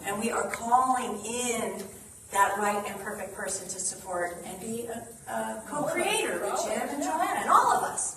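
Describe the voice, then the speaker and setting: A woman's voice: a little high, animated, moderate pace. A woman leading a church service, upbeat and playful as she talks to the congregation. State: out of breath. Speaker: service leader. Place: church hall. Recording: echoey hall from far off, noisy.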